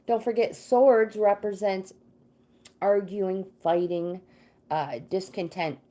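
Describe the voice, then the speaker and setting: A woman's voice: medium pitch, dark tone. A woman hosting a casual livestream, greeting viewers by name and reading tarot cards in a chatty, easily sidetracked way. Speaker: livestream host and tarot card reader.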